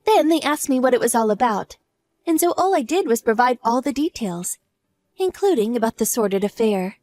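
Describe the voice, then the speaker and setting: A woman plays a wronged wife in an audio drama, cool and mocking. Her fairly high voice moves with lively, sarcastic turns. The sound is dry and close. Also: no room sound. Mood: smug. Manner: smug, sarcastic, unhurried.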